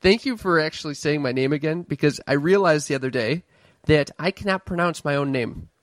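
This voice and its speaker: A man's voice: fairly high pitch, fairly quick, no room sound. A young man with a Chicago accent, a stand-up comic co-hosting a casual podcast, joking and self-deprecating.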